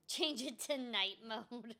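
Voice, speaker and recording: Bright, high-voiced chatty woman gamer. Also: slow, faint music behind. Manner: chatty, muttering to herself, self-mocking. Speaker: voice actor streaming a game. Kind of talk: casual gameplay chat.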